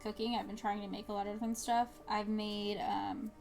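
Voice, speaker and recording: A woman's voice: medium pitch, little pitch movement, fairly quick, gravelly, darkish tone, faint music behind. A young woman from New Jersey, chatting casually and rambling as she streams a game, with many fillers and little laughs. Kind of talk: casual chat while gaming.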